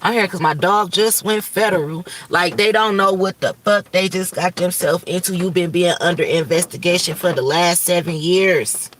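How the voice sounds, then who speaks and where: A woman's voice: on the low side, steady tone, moderate pace, hardly any pauses, a bit bright, distant mic. A woman from Michigan, hosting a livestream and declaring her spiritual visions in urgent, profane, repetitive bursts. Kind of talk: rambling prophetic livestream talk.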